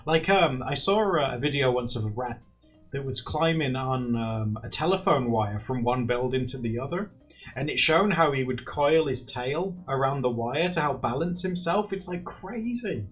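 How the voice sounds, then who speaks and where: A young man streaming live, chatting casually and rambling while he draws, often laughing and jumping into high squeaky bursts. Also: animated, moderate pace, fairly bright tone, faint music behind. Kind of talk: casual chat while drawing on a livestream.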